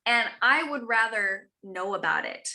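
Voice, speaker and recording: A woman's voice: fairly high pitch, animated, unhurried, sharp tone. A woman in her thirties or forties, an author chatting earnestly on a live stream, with many fillers and restarts. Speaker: author guest. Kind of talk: casual live chat.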